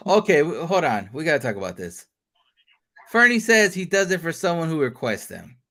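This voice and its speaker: This livestream host banters casually, swearing freely, cracking jokes and laughing a lot. His voice leans high and his speed is normal.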